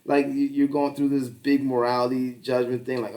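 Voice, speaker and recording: A man's voice: mid-range voice, level tone, brisk, hardly any pauses, warm tone. A man co-hosting a podcast in casual chat, rambling and swearing, often laughing. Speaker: podcast co-host. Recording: distant mic.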